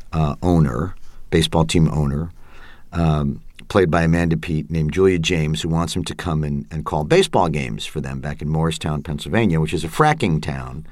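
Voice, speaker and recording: A man guest in an interview, retelling a story in a rambling, animated way. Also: deep voice, no room sound. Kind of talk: casual interview.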